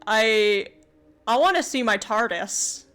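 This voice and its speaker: Canadian woman, streamer, casual chat, excitable, self-mocking, slow pace, quiet music in the background. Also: on the high side, clear, resonant tone.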